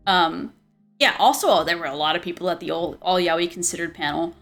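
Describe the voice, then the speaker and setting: A woman's voice: on the low side, moderate pace, a bit bright, faint music behind. A young woman streamer chatting casually, rambling with many restarts and frequent giggles. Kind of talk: casual chat.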